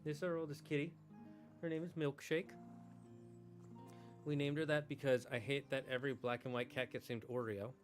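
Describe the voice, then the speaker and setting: A man's voice: medium pitch, flat delivery, normal speed, pauses often, faint music behind. Chatty man streaming a game. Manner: chatty, rambling, affectionate with his cat. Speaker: gaming streamer. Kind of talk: casual chat.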